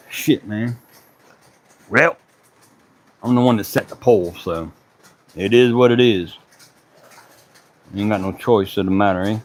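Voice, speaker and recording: A man from Charleston with a Gullah Geechee accent, chatting casually and swearing now and then as he talks to livestream viewers while working in his woodshop. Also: medium pitch. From Charleston, South Carolina. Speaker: woodworking livestream host.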